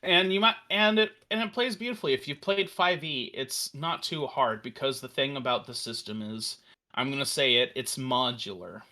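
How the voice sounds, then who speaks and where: Bright, eager man demoing software. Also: medium pitch, normal speed. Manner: enthusiastic, rambling with fillers and restarts. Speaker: developer demoing a virtual tabletop. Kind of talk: casual live stream demo.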